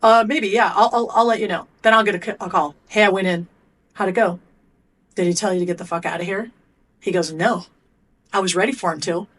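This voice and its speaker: In a brisk, mid-range voice, a middle-aged performance coach being interviewed on a podcast spins animated, blunt anecdotes. She acts out both sides of her talks with athletes and swears casually.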